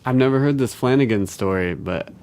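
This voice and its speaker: A man co-hosting a casual comedy podcast, jokey and riffing, quick to laugh. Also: medium pitch, darkish tone, clear, resonant tone. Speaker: podcast co-host.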